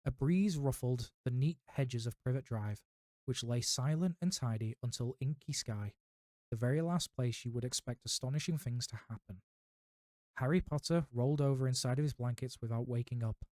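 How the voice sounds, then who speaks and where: A man reads a storybook aloud on a livestream and breaks off now and then for relaxed, chatty asides. His voice sits at a middle pitch. The recording is dry and close, with no room sound. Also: moderate pace, no echo. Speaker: livestream reader. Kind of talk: reading a book aloud on a livestream.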